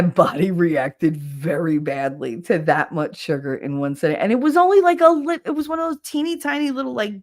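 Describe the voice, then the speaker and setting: A woman with a New Jersey accent, chatting casually on a live stream, reading out comments, laughing often and swearing freely. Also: on the low side.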